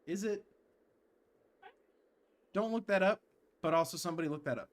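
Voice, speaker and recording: A man's voice: sits high, normal speed. Joking man streaming a video game. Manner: joking, rambling asides. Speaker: gaming streamer. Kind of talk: live gameplay commentary.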